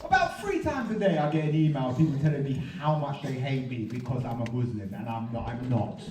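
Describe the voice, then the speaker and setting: A man performing a stand-up comedy set, swinging between muttered asides and loud punchlines. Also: mid-range voice, very animated, brisk. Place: comedy venue with a live audience. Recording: roomy venue, mic heard from a distance, loud crowd laughter.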